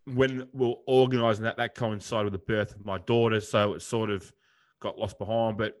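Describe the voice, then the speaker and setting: A man's voice: lowish voice, fairly even intonation, normal speed. A young Australian man co-hosting a podcast in casual chat, rambling and blokey, swearing freely. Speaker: podcast co-host.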